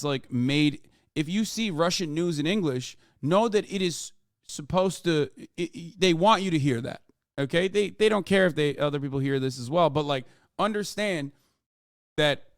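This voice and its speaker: A man hosts a livestream, reacting to a clip with animated, profanity-laced commentary. His voice sits fairly high for a man. The sound is close and dry, with no room in it. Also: dry recording. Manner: animated, profane, talks over a played clip. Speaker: livestream host.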